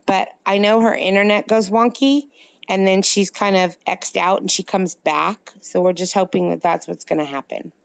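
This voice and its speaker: A woman's voice: mid-range voice, steady tone, moderate pace, vocal fry, no room sound. A woman with a slight New Jersey accent, co-hosting a casual late-night live chat and rambling to viewers in the chat. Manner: chatty, rambling, answers viewer comments. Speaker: livestream co-host. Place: home in California at night.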